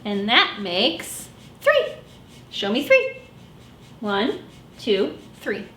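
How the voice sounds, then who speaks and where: A woman children's librarian reading a picture book aloud at storytime in an animated, expressive way. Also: on the high side, drawn-out words. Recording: echoey room with faint noise.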